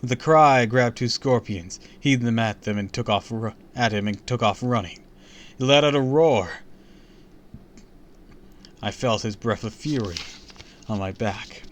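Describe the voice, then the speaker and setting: A man's voice: mid-range voice, a little slow, pauses often. A man reading a horror story aloud on a stream, dramatic and dropping into whispers for suspense.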